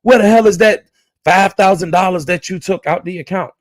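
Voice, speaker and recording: A man voicing an angry husband who bursts in demanding where the money went, threatening and loud. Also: high-pitched, brisk, dry recording, pitched above the performer's own voice, lightly acted. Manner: shouting, threatening.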